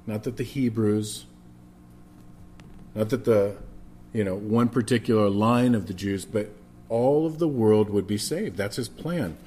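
A man preaching a sermon as pastor, moving between a projected voice and quiet, near-whispered passages. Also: fairly low pitch, unhurried, pauses often, slight background noise.

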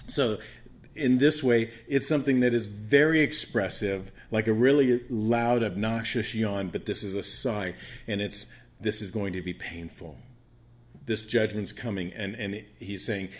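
A man with a soothing voice teaching a Bible study, rambling with frequent restarts and fillers. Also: fairly low pitch.

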